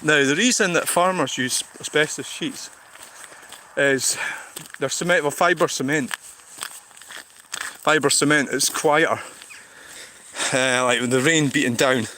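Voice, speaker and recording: A man's voice: fairly high pitch, a little slow, pauses often, pushed and bright, slight background noise. A Scottish man casually chatting on a livestream and reading out comments, rambling and blunt, with plenty of swearing. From Scotland. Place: outdoors in the countryside.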